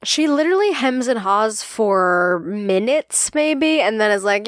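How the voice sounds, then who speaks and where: Young woman podcast cohost, middle pitch, talks fast in bursts, dry close sound. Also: expressive, no echo. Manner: chatty, lots of "like" fillers, quick bursts. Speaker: podcast co-host. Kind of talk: casual chat.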